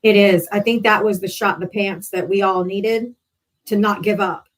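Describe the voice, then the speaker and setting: A woman's voice: medium pitch, fairly even intonation, normal speed. A woman hosting a live political stream, chatting casually with callers and affirming them. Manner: warm, affirming, brief replies. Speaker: livestream host.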